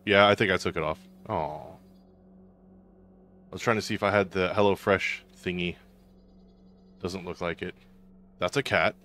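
A man's voice: sits low, steady tone, unhurried, long pauses, bright, forceful tone, slight background noise. A man streaming a video game, chatting casually, joking and reading out viewer messages as he plays. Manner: joking, chatty, reacts aloud to the game and reads out chat. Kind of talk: casual gameplay commentary. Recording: game music playing underneath.

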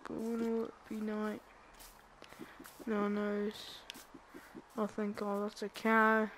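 A woman's voice: mid-range voice, completely flat delivery, takes it slowly, a bit bright, a little hiss or hum. A young woman giving casual, chatty commentary while playing a video game, thinking aloud and bursting into laughs and squeals. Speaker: gamer. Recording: game music behind the voice.

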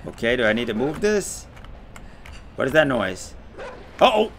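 A man's voice: mid-range voice, big pitch swings, normal speed, a little hiss or hum. A man giving casual commentary while playing a game, swearing often and yelping when startled. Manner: swears a lot, yelps and shouts when startled. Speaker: game streamer.

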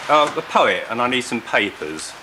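A man's voice: medium pitch, very animated, normal speed, background noise. A man, a poet appearing as a guest, chatting casually and reading his comic rhymed poem with a playful rhythm. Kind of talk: casual chat and poetry reading.

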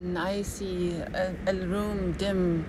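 A woman's voice: on the low side, flat delivery, takes it slowly, noisy background. A woman hosting a live stream, musing in a rambling way and stopping often to search for words. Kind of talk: casual live-stream monologue answering chat.

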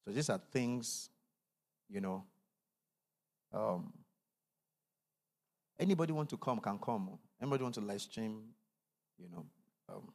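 Man preaching in a church. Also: long reverb tail. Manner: preacherly, rising to loud declarations; calm, low announcements. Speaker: pastor. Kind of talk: church service address and declarations. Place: church auditorium.

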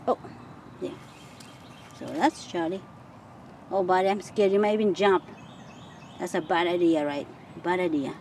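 A woman chatting casually while she walks through her backyard garden, sometimes calling to her pet rabbit in a high sing-song voice. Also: fairly even intonation, unhurried, long pauses, darkish tone. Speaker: vlogger giving a garden tour. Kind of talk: casual chat while walking. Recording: outdoor phone video with faint nature noise.

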